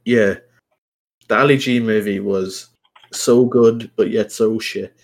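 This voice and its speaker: Brief: young podcast co-host, an eager talker who swears a lot. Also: male voice, on the low side, steady tone, takes it slowly. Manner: enthusiastic, swears freely. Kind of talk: casual chat.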